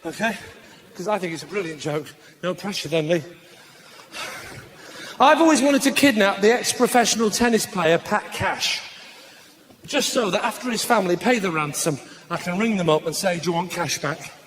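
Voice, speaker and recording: A man's voice: high voice, expressive, moderate pace, fairly bright tone, a little hiss or hum. A male stand-up comedian doing brash, sweary banter with the crowd, recorded live on stage in a large theatre.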